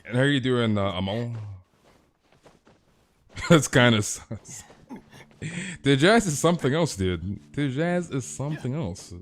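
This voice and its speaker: A young man streams a game and chats casually with his viewers, his medium-pitched voice unhurried and full of pauses. He rambles through animated, slangy stories.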